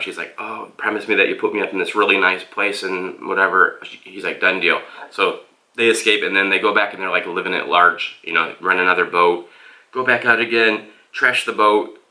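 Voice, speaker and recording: A man's voice: deep voice, bright, forceful tone, echoey room. A man reviewing a book on camera in a loose, rambling way and often calling his viewers "guys.". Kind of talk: casual vlog book review. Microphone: camera mic.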